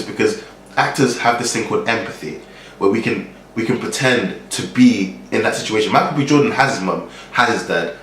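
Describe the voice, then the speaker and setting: A man's voice: medium pitch, fairly bright tone, echoey room, a little hiss or hum. A young man from Nigeria giving a rambling, casual vlog monologue full of restarts and fillers.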